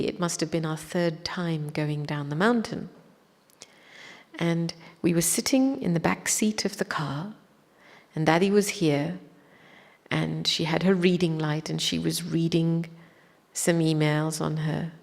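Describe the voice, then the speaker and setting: A woman giving a spiritual talk, recalling a personal story in a reflective, gentle way. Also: sits low, measured pace, vocal fry, big-room sound. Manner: reflective, gentle anecdotal telling. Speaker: spiritual speaker.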